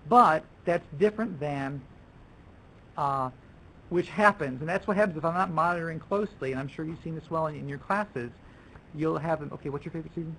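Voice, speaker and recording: A man's voice: a little high, moderate pace, a bit bright, slight background noise, poor audio. A man leading a workshop for language teachers, talking loosely with restarts and acting out what students and teachers say. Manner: conversational, with many restarts and acted-out student quotes. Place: lecture room.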